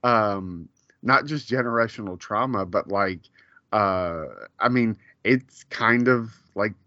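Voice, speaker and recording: A man's voice: on the low side, takes it slowly, bright, forceful tone, no echo. A man in his forties, a podcast co-host, chatting casually and rambling with many fillers and curse words. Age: 40s. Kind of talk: casual chat. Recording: dull, lo-fi dry sound.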